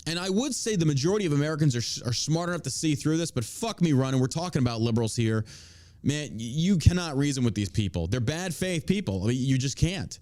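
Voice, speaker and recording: A man's voice: on the high side, expressive, quick pace, darkish tone, no room sound. A man hosting a show, delivering profane, combative and mocking political commentary. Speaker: podcast host.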